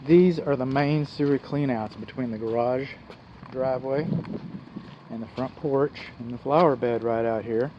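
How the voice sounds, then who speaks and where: A man's voice: mid-range voice, normal speed, dull audio, background noise. A man with a Texan accent working as a home inspector, explaining things plainly as he walks around a house outdoors. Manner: folksy, explains plainly while walking. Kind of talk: casual walkthrough narration.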